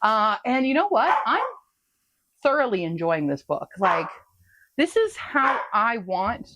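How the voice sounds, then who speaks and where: A woman casually talking through her reading progress in a home vlog, chatty and quick to laugh. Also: a little high, very animated, noisy background. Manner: chatty, laughs often, talks to her pets. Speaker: book vlogger.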